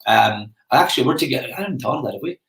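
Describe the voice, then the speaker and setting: A man's voice: medium pitch, animated, racing, gravelly, fairly bright tone. Chatty Irish man in his forties, echoey room. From Ireland. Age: 40s. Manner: rambling and chatty, with self-aware asides. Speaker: motivational speaker. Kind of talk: casual reflective monologue.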